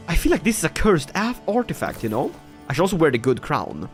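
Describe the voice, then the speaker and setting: Lively, jokey Swedish man streaming. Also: fairly high pitch, a little fast, soft background music. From Sweden. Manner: animated, jokey, laughs often, talks to chat. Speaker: game streamer. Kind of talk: casual livestream game commentary.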